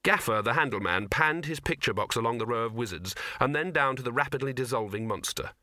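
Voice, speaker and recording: A man reads a comic fantasy novel aloud with wry, expressive timing. His voice is bright and forward, and the studio sound is completely dry, with no room around it. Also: medium pitch, a little fast, no room sound. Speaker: audiobook narrator. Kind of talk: scripted narration.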